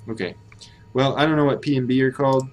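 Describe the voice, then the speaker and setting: Fast and fairly even in intonation, his mid-range voice comes from an American man hosting a language-learning live stream. He thinks aloud in a halting, self-correcting way during casual commentary, over a little hiss or hum.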